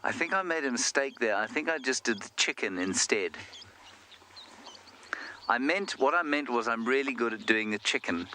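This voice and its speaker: A man's voice: medium pitch, lively intonation, moderate pace, bright, forceful tone. Playful safari guide man outdoors. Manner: playful, self-mocking banter with viewers. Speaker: safari guide presenting a live game drive. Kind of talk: joking live commentary. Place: outdoors in the bush. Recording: outdoor field mic with clear nature noise.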